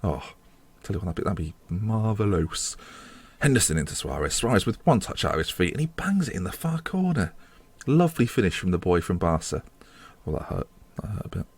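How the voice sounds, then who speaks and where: A man's voice: low-pitched, lively intonation, brisk, a little mellow, slightly rough. A man giving casual commentary on his football management game, chatty and self-mocking, swearing when things go wrong. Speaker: gaming video host.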